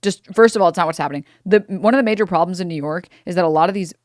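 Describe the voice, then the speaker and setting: A woman's voice: lowish voice, rapid-fire, dry recording, studio quality. Heated, profane woman streamer ranting. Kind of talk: live stream reaction commentary.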